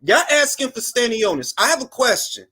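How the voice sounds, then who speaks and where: A man hosting a heated boxing talk panel over a call, forceful and repetitive, talking over others. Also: extremely high pitch, very animated, normal speed, slightly rough.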